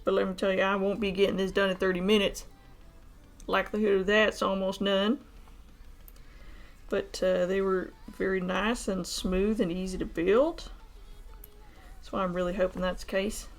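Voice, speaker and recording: A woman's voice: mid-range voice, moderate pace, long pauses, faint music behind, natural voice. Woman doing a crude old redneck uncle. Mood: folksy. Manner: rambling, crude, deadpan bragging. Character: old retired male war-veteran uncle, gruff and folksy. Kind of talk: live-streamed model kit build, in character.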